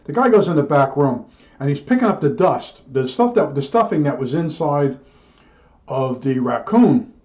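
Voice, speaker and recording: A man's voice: on the high side, big pitch swings, moderate pace, a little mellow, highs cut off. An older man telling a rambling personal anecdote, chatty and digressive, with many restarts and asides. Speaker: storyteller recalling old work days.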